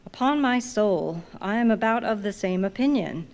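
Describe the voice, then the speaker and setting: A woman playing a loud, bossy ship's mate. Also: mid-range voice, lively intonation, moderate pace, natural voice. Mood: commanding. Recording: long reverb in a big hall.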